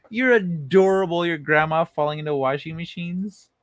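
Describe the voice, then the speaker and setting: A man's voice: a little high, moderate pace, no echo. A young man hosting a late-night livestream, chatting with his viewers and telling stories in a loose, profane way. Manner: loose, profane storytelling, reads chat aloud, laughs often. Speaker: livestream host. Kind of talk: casual chat with live chat.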